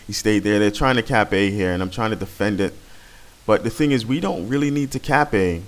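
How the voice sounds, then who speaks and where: A man's voice: fairly low pitch, fairly quick. A man talking over his gameplay footage in a casual, rambling, profane way. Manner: rambling and profane, with frequent restarts. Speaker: gameplay commentator.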